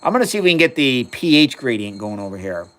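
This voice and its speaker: A man in his fifties hosts a casual livestream, doing chemistry experiments and enthusiastically answering viewers' questions. He talks at a quick pace in a medium-pitched, sing-song voice with a fairly bright tone.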